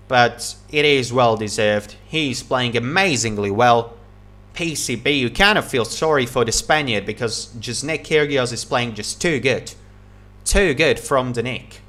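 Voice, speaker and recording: A man giving live play-by-play tennis commentary, calling each shot quickly and getting excited at big points. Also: medium pitch. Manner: excited, calls shots rapidly, repeats praise.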